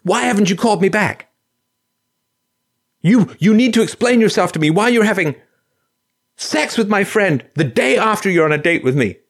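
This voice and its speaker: A man voicing an upset young woman leaving answering-machine messages, shrill and pleading, repeating herself. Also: animated, moderate pace, long pauses. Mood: outraged.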